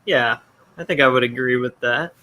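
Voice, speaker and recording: A man's voice: mid-range voice, moderate pace, sharp tone. A man hosting a casual interview, speaking with hesitant restarts. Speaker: show host.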